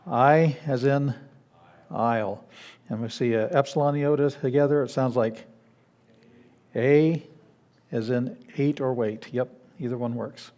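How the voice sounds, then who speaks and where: A man's voice: mid-range voice, darkish tone. A man teaching a beginners' Greek class in a church classroom, explaining patiently with frequent restarts and fillers. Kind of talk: classroom lecture.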